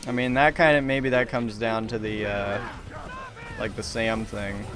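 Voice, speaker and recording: A man's voice: fairly low pitch, little pitch movement, measured pace, music in the background. A young man streaming a video game, talking in a loose, rambling, profane and self-mocking way to his chat. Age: young adult. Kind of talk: casual rambling commentary while gaming.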